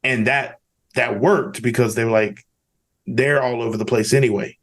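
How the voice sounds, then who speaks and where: A man's voice: medium pitch, steady tone, normal speed. A man hosting a podcast, chatting casually and candidly, rambling with frequent restarts. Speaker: podcast host. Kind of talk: casual conversational interview.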